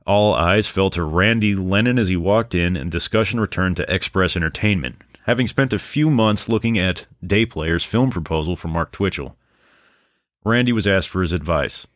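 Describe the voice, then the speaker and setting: A man's voice: low-pitched, normal speed, a bit bright, no room sound, studio quality. A man hosting a true-crime podcast, narrating the case and breaking off into sarcastic, profane asides. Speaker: podcast host. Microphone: microphone on a stand.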